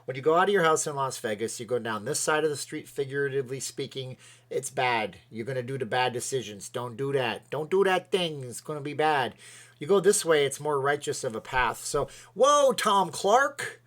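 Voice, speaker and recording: A man's voice: mid-range voice, fairly quick, fairly bright tone. A middle-aged man from Canada hosting a casual livestream, rambling and thanking viewers by name as he reads their comments. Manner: rambling, chatty, thanks viewers by name, sways while talking. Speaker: livestream host.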